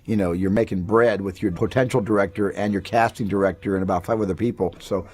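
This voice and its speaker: Brief: male director, lowish voice, relaxed anecdotal interview. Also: quick pace, husky. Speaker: film director. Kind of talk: reflective interview.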